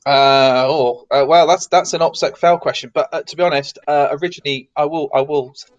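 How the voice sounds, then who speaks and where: A man's voice: on the high side, steady tone, a little fast, dry recording, muffled recording. A man from the south of England with a neutral English accent, chatting as an interview guest and rambling with many restarts. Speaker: guest, security consultant. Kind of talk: casual interview chat.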